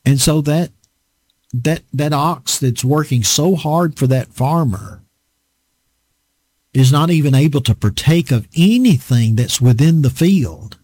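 A man's voice: a little high, a little slow, mellow, dry recording. A man with a Southern US accent preaching a sermon in a folksy, storytelling way, rambling with fillers. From American South.

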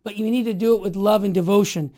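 A man in his sixties with a fairly high pitch for a man and a mellow, dark tone. He tells his stories as an interview guest, emphatic and animated, and pushes hard on his key points. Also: fast. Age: 60s. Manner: emphatic, animated, rising to forceful declarations. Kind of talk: impassioned conversational storytelling.

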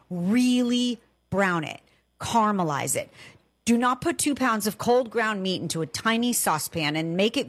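A middle-aged woman from Southern California hosting a cooking show, talking in a chatty, enthusiastic way with emphatic repetitions. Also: mid-range voice. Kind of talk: conversational solo podcast monologue.

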